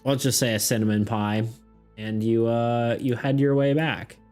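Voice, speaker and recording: A man's voice: medium pitch, level tone, moderate pace, a little mellow, clean tone, faint music behind. Rambling, laughing man running a tabletop game. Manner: rambling, laughs often, many fillers. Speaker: game master and streamer. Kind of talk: casual narration of a streamed tabletop game.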